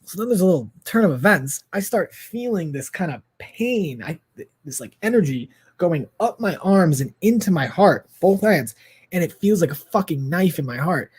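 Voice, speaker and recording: Husky-voiced man in his thirties telling a story. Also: high-pitched, normal speed. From United States. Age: 30s. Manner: lively, laughs often, swears freely. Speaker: podcast guest. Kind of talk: animated storytelling in casual chat.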